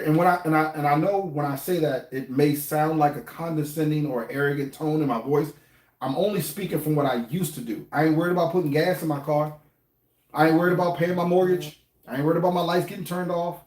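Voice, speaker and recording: Middle-aged guy, african american english accent, chatty vlog talk, bit high voice, echoey room. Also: a little mellow. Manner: conversational, repeats himself, asks viewers questions. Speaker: finance vlogger. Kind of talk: casual to-camera talk.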